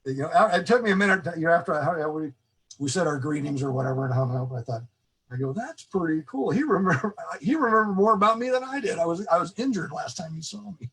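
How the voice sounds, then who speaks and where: A man's voice: fairly high pitch, lively intonation, fast, a bit bright, breathy edge, poor audio. A man being interviewed, telling long, rambling anecdotes with frequent restarts and laughs. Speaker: interview guest, former ranch fairgrounds manager. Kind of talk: casual storytelling interview.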